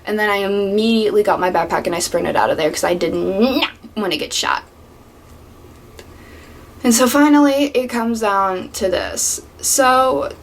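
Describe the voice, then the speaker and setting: A young adult woman telling work stories in a casual storytime vlog, animated and swearing freely, sometimes dropping to a whisper for asides. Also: mid-range voice. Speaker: vlogger. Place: home room with a fan.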